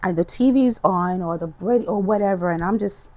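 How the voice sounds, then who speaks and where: A middle-aged woman, a podcast guest, giving an emotional personal testimony in an expressive, animated storytelling manner. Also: mid-range voice, a little fast. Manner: expressive, animated storytelling, voices her past self.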